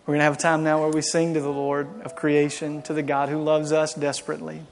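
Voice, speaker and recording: A male pastor preaching to a congregation and leading a prayer, swinging from loud impassioned exhortation to quiet, hushed pleading. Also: on the high side, monotone, quick pace, slight background noise. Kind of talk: sermon and closing prayer. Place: church service.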